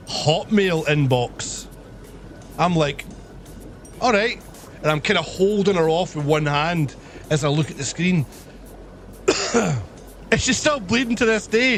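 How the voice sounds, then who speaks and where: A young man livestreaming, telling a long profane story to his chat and acting out the people in it. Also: sits high. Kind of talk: casual storytelling on a live stream.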